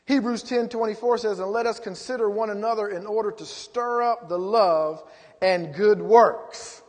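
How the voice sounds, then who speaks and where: A man's voice: high voice, normal speed, in a large hall. A man preaching a sermon as pastor, rising into emphatic calls to the congregation.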